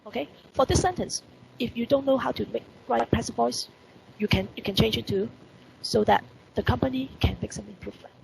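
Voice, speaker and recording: A woman's voice: a little high, a little fast, creaky, darkish tone, slight background noise, rough recording. A woman with a Hong Kong accent teaching an online English lesson, stressing key words and asking rhetorical questions. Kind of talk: online lesson explaining report writing. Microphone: computer mic on video call.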